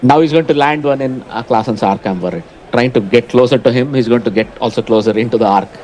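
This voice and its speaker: Male co-commentator, mid pitch, analytical and measured. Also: a little mellow, rough recording. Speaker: cricket commentator. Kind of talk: ball-by-ball commentary.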